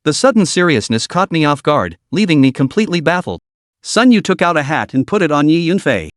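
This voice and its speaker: A man's voice: on the high side, sing-song, brisk, no echo, studio quality. A man narrating a comic story recap in a scripted, storytelling way.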